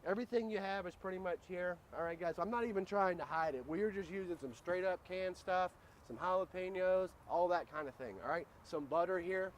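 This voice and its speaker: A man's voice: high-pitched, brisk, few pauses, a little hiss or hum. A man hosting a casual cooking demo outdoors at a grill, joking around and talking to viewers as "guys.". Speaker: grill cooking show host.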